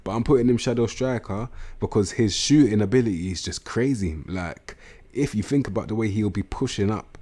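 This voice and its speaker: Young man, lowish voice, slangy casual gaming commentary, blunt, swears. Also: brisk. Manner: slangy, blunt, swears, bursts into excited outbursts. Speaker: gaming YouTuber. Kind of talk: casual video game commentary.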